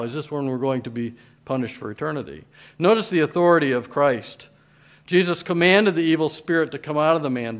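A man preaching a sermon as pastor, reading scripture with emphatic, swelling delivery. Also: fairly high pitch. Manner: emphatic scripture reading in old-style wording.

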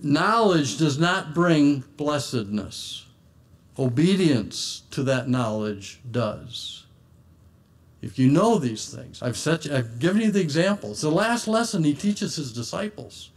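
A man's voice: fairly high pitch, big pitch swings, slow pace. Earnest man preaching a sermon. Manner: earnest, reads scripture in old-fashioned wording.

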